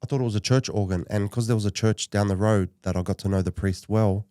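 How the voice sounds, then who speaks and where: A man from Western Sydney tells his personal story as a podcast guest. He speaks haltingly and often restarts his sentences. His voice is fairly low and warm-toned, and the sound is dry and close. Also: fairly even intonation, clear, resonant tone, no room sound. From Western Sydney, Australia.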